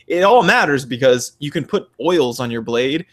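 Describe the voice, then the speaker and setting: A man's voice: medium pitch, lively intonation, moderate pace. A young man from Mississippi, a podcast host, chatting casually and acting out the voices in his stories. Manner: rambling storyteller, acts out quotes. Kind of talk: casual chat.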